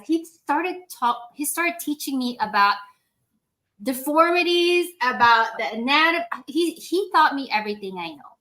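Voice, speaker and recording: A woman in her forties, a medical device sales rep guesting on a podcast, telling stories in a casual, animated way, laughing often and acting out quoted dialogue. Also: high-pitched. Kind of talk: casual storytelling interview.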